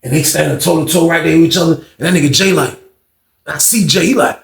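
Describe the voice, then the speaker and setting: Gravelly man telling street stories. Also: a little high, fast, echoey room. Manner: animated slang-heavy storytelling with street profanity. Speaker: storyteller. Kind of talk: casual storytime vlog.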